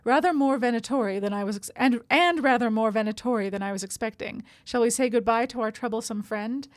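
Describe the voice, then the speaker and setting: A woman's voice: fairly high pitch, a little fast, no room sound, natural voice. A woman reading as a sly flirtatious elf assassin. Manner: reads the letter in her own voice, no accent.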